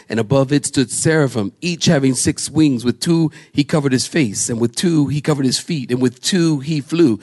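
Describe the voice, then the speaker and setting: A man preaching a sermon as pastor, quizzing his congregation and swinging from slow, low scripture readings to raised emphatic lines. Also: a little mellow. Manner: preaching with call-and-response questions to the congregation; slows and drops low for scripture names, rises high for emphasis.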